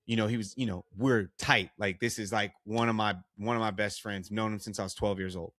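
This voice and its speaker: A man, a guest on a podcast, telling a personal story in a casual, animated way, full of "like" and restarts. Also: lowish voice, a little fast, no echo, studio quality. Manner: animated retelling with many "like" and restarts. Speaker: guest, actor and artist.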